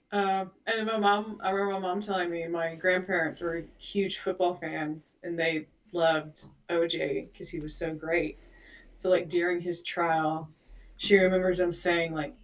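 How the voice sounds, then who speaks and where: Animated woman co-host, slightly off-mic. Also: on the low side, measured pace. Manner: animated storyteller, swears casually. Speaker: podcast co-host. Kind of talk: casual chat. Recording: voice a bit far from the mic.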